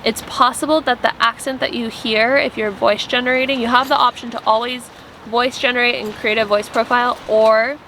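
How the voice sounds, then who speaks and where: A woman's voice: fairly high pitch, steady tone, fairly quick, a bit bright, slight background noise. A young woman vlogging casually from a tent at a campsite, earnest and rambling, full of "like" fillers. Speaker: vlogger and app founder. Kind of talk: casual spiritual vlog chat.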